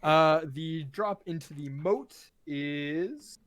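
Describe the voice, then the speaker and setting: A man's voice: on the high side, drawn-out words, no room sound. A man running a tabletop game as game master, casually counting out moves and rulings. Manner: casual, counts out movement step by step.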